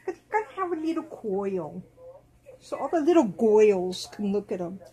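A woman hosting a casual vlog at home, talking to viewers and cooing softly to her dolls. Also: mid-range voice, sing-song, moderate pace. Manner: doting, soft baby talk to her dolls. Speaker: doll channel host.

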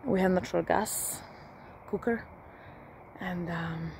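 A woman's voice: fairly low pitch, slow pace, gravelly, a little mellow, slight background noise. A woman vlogging from her rural home at night, half-whispering, swearing often and speaking from the heart. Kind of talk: casual whispered vlog.

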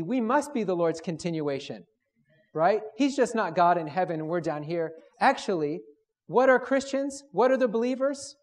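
Male preacher, higher-pitched, emphatic, repetitive student-meeting sermon. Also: a little mellow. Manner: emphatic, repetitive, builds phrases; leads group to read aloud together.

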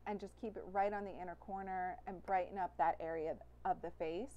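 A woman's voice: fairly low pitch, steady tone, fairly quick, muffled recording. A young woman beauty vlogger talking through a makeup tutorial, chatty and gushing about products, full of "like". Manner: gushing, enthusiastic product talk; chatty with fillers like "like".

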